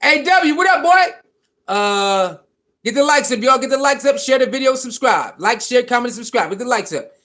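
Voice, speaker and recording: High voiced guy livestreaming, loose and repetitive, reading chat out loud. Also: moderate pace. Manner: animated, repetitive, reads chat comments aloud. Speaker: livestream host.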